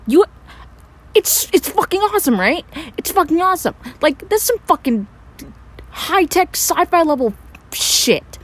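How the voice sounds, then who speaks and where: A woman's voice: medium pitch, expressive, a little slow, pauses often. A woman playing a frantic young scientist in an audio role-play, stammering, breathless and swearing. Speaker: voice actor.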